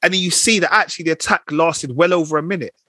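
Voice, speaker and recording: A man hosting a casual chat and retelling scenes in slangy, animated talk. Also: a little high, fast, no room sound, low-quality recording. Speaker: podcast host.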